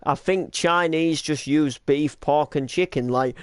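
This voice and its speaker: A man's voice: fairly high pitch, unhurried, smooth, no room sound, studio quality. A young British man hosting a casual reaction to his old videos, rambling with lots of likes and restarts.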